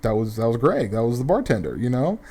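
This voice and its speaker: A man's voice: medium pitch, sing-song, quick pace, darkish tone, slightly rough. Rambling, foul-mouthed young man. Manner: rambling, profane, many fillers and restarts. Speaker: gameplay commentator. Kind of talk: casual storytelling over gameplay.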